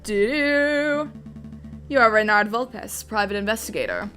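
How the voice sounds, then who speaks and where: A woman's voice: mid-range voice, unhurried, pushed and bright, faint music behind. A woman doing a curious sparrow sidekick. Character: young curious male sparrow assistant.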